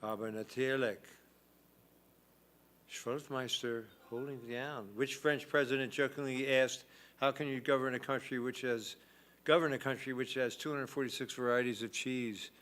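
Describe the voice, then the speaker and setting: A man's voice: mid-range voice, fairly bright tone. Man hosting live trivia, wry asides. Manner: wry, reads questions and adds asides. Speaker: trivia host.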